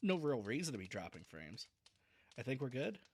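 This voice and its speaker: A man's voice: mid-range voice, sing-song, normal speed, a little mellow, husky. Chatty man on a livestream. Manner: chatty, self-deprecating, restarts often. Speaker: streamer reading a novel aloud. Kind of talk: casual livestream chat.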